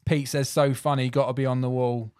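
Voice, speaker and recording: A man's voice: mid-range voice, level tone, brisk, a little mellow, smooth, no echo, clean studio sound. A man hosting a podcast, upbeat and jokey, laughing often. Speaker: podcast host. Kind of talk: casual chat.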